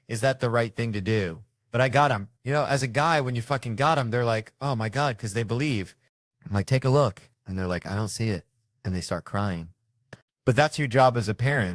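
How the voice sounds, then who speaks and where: A man's voice: on the low side, no room sound, studio quality. Brash, profane stand-up comedian man. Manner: brash, profane storytelling with acted-out quotes.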